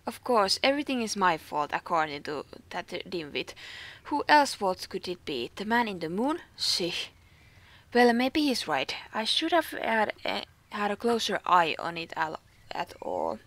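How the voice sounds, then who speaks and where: A short-fused female stable keeper from a horse game who is quick to blame others, read aloud by a woman with a Finnish accent. The lines come out in a mid-range pitch, full of stumbles and restarts. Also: very animated, a bit bright, no echo. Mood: bitter. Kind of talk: reading game dialogue aloud.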